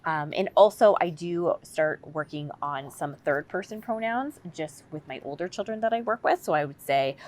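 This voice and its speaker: Woman, low voice, conversational, explaining speech therapy tips to parents. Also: normal speed, few pauses, darkish tone, a little hiss or hum. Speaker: communicative disorders assistant.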